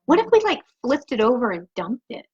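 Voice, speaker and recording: Very animated and fairly quick, the woman speaks in a slightly high voice while hosting her home cooking live stream, gushing, laughing often and chatting to viewers. A laptop on the kitchen counter gives a muffled recording over a noisy background.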